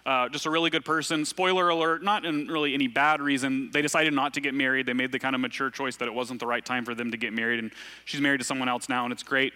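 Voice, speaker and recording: A man from Arkansas preaching a relaxed, storytelling sermon, full of self-deprecating asides. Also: mid-range voice, fast. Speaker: pastor. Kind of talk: conversational sermon.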